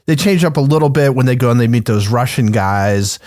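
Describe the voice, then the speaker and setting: A man's voice: medium pitch, animated, a little fast, a little mellow, dry recording, clean studio sound. A man on a podcast speaking hesitantly and thoughtfully with many fillers in casual chat. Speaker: podcast co-host.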